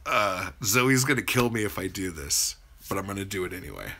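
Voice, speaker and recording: A man's voice: low-pitched, animated, fairly quick, sharp tone. A man hosting a livestream, rambling casually as he answers viewers' chat and swears freely. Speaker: livestream host.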